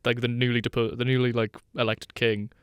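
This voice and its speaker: A man's voice: mid-range voice, flat delivery, a little fast, clean tone, dry recording. A man co-hosting a podcast, swearing freely and laughing a lot in casual chat. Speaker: podcast co-host.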